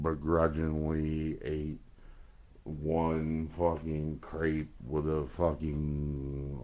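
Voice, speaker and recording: A man's voice: a bass voice, a little mellow. A drunk man rambling crudely in casual chat on a livestream, swearing often.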